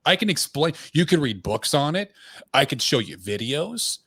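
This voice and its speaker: A man's voice: a little high, very animated, normal speed, sharp tone, slightly rough, no echo. A man hosting a podcast, speaking casually and making his point with punchy asides. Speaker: podcast host.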